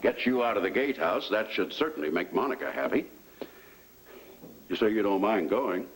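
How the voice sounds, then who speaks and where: An actor playing a crusty older family patriarch in a daytime soap, talking in a gruff, suspicious, sly way. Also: male voice, fairly low pitch, expressive, normal speed, a little hiss or hum, close to an everyday voice, low-quality recording. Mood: gleeful.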